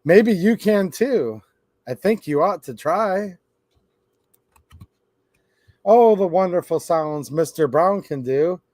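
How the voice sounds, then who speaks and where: A man's voice: high-pitched, expressive, slow pace, long pauses, darkish tone, dry recording, studio quality. A man hosting a live stream, reading a children's rhyme book aloud in a playful sing-song way.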